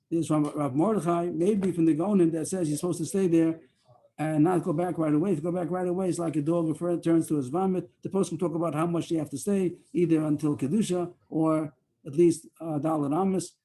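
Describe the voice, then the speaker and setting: A man leading a Talmud study class over a video call, explaining in a rambling, halting way with many fillers and restarts. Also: fairly high pitch, steady tone, dark tone.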